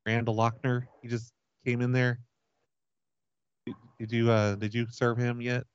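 A man making a prank phone call, stammering and mock-earnest as he makes absurd requests in a deadpan way. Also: mid-range voice, unhurried, clear, resonant tone, dry recording. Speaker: prank caller host.

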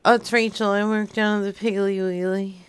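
A man's voice: sits high, level tone, a little fast, clear, resonant tone, dry recording, close to an everyday voice. A man playing a tipsy, flirty woman caller on a prank phone call, drawling lewd come-ons.

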